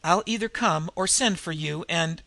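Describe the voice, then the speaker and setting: Man reading as gentle young woman, sympathetic, slightly high, bright. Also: normal speed, vocal fry, no room sound. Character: Caroline, kind young woman reading aloud.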